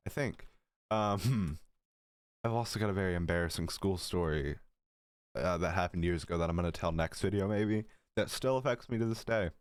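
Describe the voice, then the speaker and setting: For his casual storytime vlog, a teenage creator with a deep voice talks a bit fast, the recording clean and free of room sound. Giggly and rambling, he fills his tales with profane asides, and his throat seems slightly dry.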